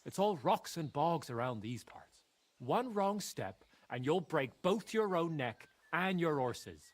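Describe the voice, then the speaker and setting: A lively, husky medieval guildsman. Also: a little high, measured pace. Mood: coaxing. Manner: persuasive, coaxing. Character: eager medieval guildsman asking for horseshoes. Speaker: video game character.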